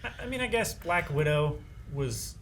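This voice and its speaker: A man's voice: a little high, expressive, moderate pace, fairly bright tone. A young man co-hosting a casual reaction chat, chiming in with easygoing, conversational remarks. Faint background noise sits under his voice. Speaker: reaction show co-host.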